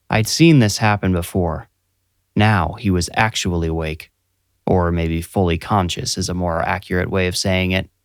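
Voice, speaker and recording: A young adult man narrating a scripted first-person horror story in a measured, steady way. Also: low-pitched, clean tone, no room sound, studio quality. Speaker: narrator and writer.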